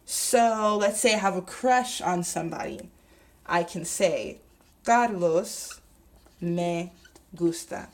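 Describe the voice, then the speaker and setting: A young woman teaching a grammar lesson, talking slowly and deliberately while writing on a board and spelling things out. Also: mid-range voice, animated. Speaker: Spanish teacher.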